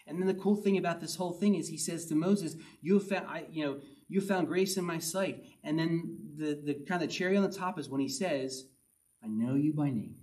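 A man preaching a relaxed, conversational sermon, reading scripture aloud and hammering home his points by repetition. His voice sits a little high for a man. He is picked up from some distance from the mic. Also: brisk. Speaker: pastor.

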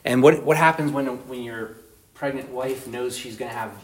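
A man's voice: mid-range voice, moderate pace. A man teaching an informal Bible study, conversational and asking his group questions.

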